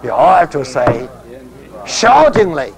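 A man's voice: a little high, very animated, takes it slowly, music in the background, poor audio. A man preaching a sermon emphatically, calling out to his congregation to answer him. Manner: emphatic, leads call-and-response.

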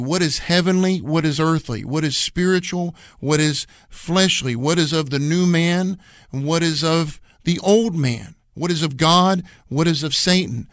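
A man's voice: fairly high pitch, a bit bright, no echo, studio quality. A man co-hosting a radio Bible study, talking earnestly and repeating phrases to drive his points home. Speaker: radio program co-host and Bible teacher.

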